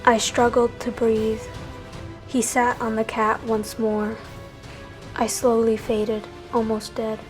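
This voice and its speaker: A woman narrating a dramatic animal battle story, with animated delivery that bursts out on the quoted lines. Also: fairly high pitch, takes it slowly. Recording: music faintly behind.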